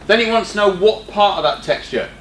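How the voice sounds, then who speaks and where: A man with a high-pitched, fairly bright voice speaks briskly and with animation as he teaches a screen-recorded coding lesson to a classroom. He talks informally and teases his students along the way, in an echoey room with a faint hum behind him.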